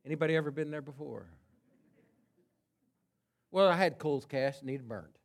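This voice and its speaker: A pastor preaching a sermon to his congregation in a conversational way, telling a story with quiet asides. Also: a little high, normal speed, creaky.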